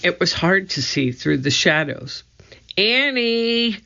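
Slow, gravelly storybook narrator. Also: mid-range voice, sharp tone, lo-fi sound. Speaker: audiobook narrator.

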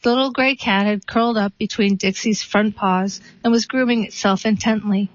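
A woman reading a short story and a poem aloud in a steady, unhurried way. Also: mid-range voice, no room sound. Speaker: reader. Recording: dull, slightly lo-fi dry recording.

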